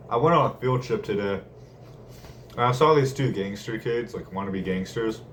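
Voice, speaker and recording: A man's voice: fairly low pitch, unhurried. Rambling young man, slangy storyteller. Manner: rambling, slangy, laughs often. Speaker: vlogger. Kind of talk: casual storytelling vlog. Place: room at home. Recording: distant mic, faint room noise.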